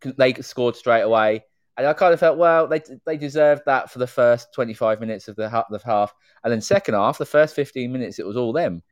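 A man's voice: mid-range voice, brisk, dry recording. A man calling in to a casual football podcast, giving his opinions fluently with lots of "you know" fillers.

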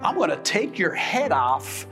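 A man's voice: high-pitched, sing-song, a little slow, over music, voice pushed up. A man voicing a defiant teenage shepherd boy who boldly threatens a giant. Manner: bold, threatening.

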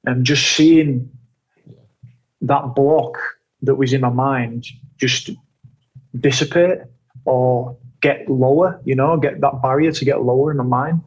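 A man's voice: mid-range voice, flat delivery, rough recording. A man talking earnestly and reflectively in a casual conversation, often restarting his sentences. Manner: earnest, reflective, halting with repeats. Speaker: guest.

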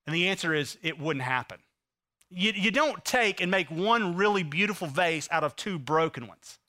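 A man in his thirties preaching a sermon as pastor, impassioned, swinging from loud emphasis to hushed intensity. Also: sits high, animated, moderate pace.

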